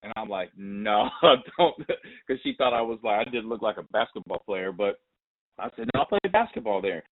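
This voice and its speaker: A man's voice: on the low side, normal speed. A man hosting a podcast, telling a story in casual talk and acting out the voices of the people in it. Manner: animated, mimics others' voices when retelling a story. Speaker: podcast host. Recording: tinny phone-like audio.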